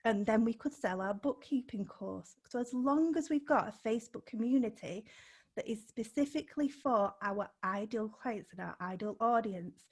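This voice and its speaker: Upbeat woman coach on a podcast, kinda high voice, laughs a lot, not scripted. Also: moderate pace, breathy edge. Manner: lively and upbeat, laughing between points, stressing key words. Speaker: guest, community business coach. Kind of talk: unscripted podcast interview.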